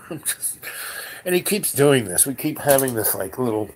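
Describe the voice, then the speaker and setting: A man casually telling a rambling anecdote with animated restarts. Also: medium pitch, normal speed, pauses often, husky. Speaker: storyteller.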